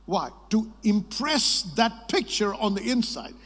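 A man's voice: sits high, a little slow. Male preacher in a reverberant hall. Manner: lively storytelling, prompting the congregation to answer. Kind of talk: sermon. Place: large conference hall. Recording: long reverb of a large hall.

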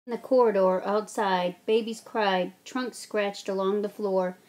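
A woman narrating a children's storybook aloud, giving the characters gentle voices. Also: mid-range voice, fairly even intonation, a little slow. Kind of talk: storybook reading.

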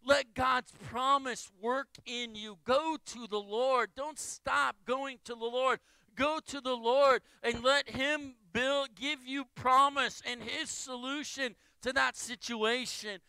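A man's voice: very high voice, fairly even intonation, slow pace, sharp tone, clean tone, dry recording, rough recording. A male pastor preaching a sermon with emphatic phrases that he repeats in building lists.

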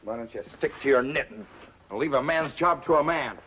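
An actor playing a surly outlaw with rude, blustering talk, from a muffled old TV soundtrack. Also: male voice, mid-range voice, fairly quick, a little hiss or hum, lightly acted. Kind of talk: 1950s TV western acting.

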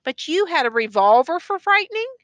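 A woman reading the part of a grave male judge who questions the accused in a stern, measured way. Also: very high-pitched, sing-song, fairly bright tone, no room sound, voice pushed up, heavily acted.

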